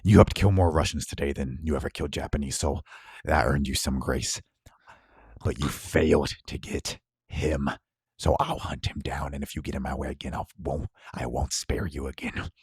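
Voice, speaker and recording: A man puts on a cold, threatening male hunter with a voice pushed well below his own, deep and dry. The figure speaks with slow contempt in a tabletop game. It is heard close and without room sound. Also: steady tone, a little mellow, husky, no room sound, full character voice. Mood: menacing. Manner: low, menacing, contemptuous.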